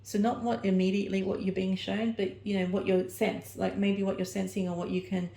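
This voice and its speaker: A woman's voice: mid-range voice, level tone, brisk, creaky, dark tone, roomy sound. A woman giving an oracle card reading, rambling and searching for her words as she corrects herself mid-sentence. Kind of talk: personal oracle reading to camera.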